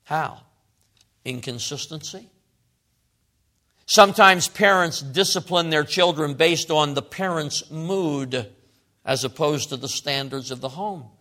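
A middle-aged man preaching a sermon, swinging from loud emphasis to quiet asides. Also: on the high side, slow, pauses often.

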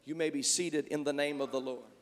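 High-voiced preacher in an echoey hall. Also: male voice, fairly even intonation, a little fast. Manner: fervent praying, preacher's cadence. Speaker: pastor. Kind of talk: sermon. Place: church sanctuary.

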